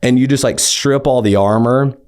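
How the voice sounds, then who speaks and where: A middle-aged man, a podcast guest telling a work story in casual interview talk, with animated delivery and frequent restarts. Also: mid-range voice, moderate pace, clean tone. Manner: animated anecdote teller, hesitant restarts. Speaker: podcast guest, entertainment attorney.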